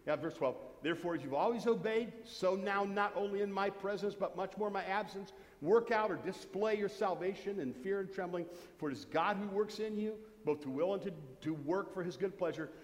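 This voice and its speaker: A man's voice: high-pitched, fairly quick, hardly any pauses. A man preaching a sermon as pastor, conversational, with joking asides and questions to the congregation. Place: church sanctuary. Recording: long church hall reverb.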